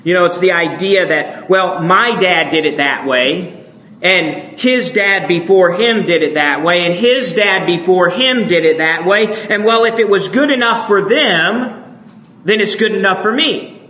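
A man's voice: high voice, measured pace, reverberant, low-quality recording. A man with a northern American accent preaching a sermon in a conversational way, often checking in with "right?". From northern United States. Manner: conversational, asks "right?" often, animated emphasis.

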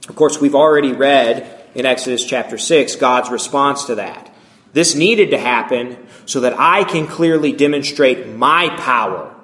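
A man's voice: medium pitch, fairly bright tone. A man giving a sermon, reading scripture and voicing the complaints with rising emphasis. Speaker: preacher.

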